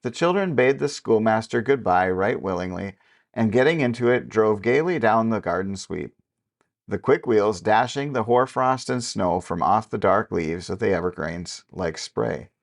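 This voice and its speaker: A man narrating a classic novel as an audiobook, with steady, even-paced storytelling. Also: lowish voice, normal speed, vocal fry.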